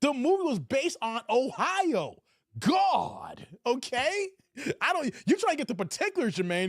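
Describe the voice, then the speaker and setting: A man's voice: very high-pitched, very animated, normal speed, no room sound, studio quality. A man hosting a casual reaction stream, joking and reading out chat comments, repeating his catchphrases.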